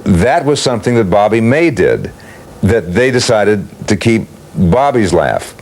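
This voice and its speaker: A man's voice: fairly low pitch, sing-song, a little slow, a little mellow. An older man telling anecdotes about his voice work in an interview, at an easy storyteller's pace. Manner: leisurely anecdotal telling, acts out quotes. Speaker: interviewee recalling work as a voice actor.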